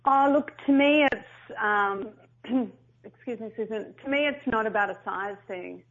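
A woman's voice: fairly high pitch, measured pace. A middle-aged woman, a company founder telling her story earnestly in an interview. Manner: earnest, animated storyteller with restarts. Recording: muffled lo-fi sound.

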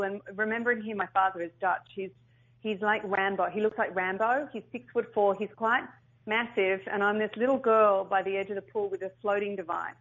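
A middle-aged woman, a company founder telling her story earnestly in an interview. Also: medium pitch. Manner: earnest, animated storyteller with restarts. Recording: muffled lo-fi sound.

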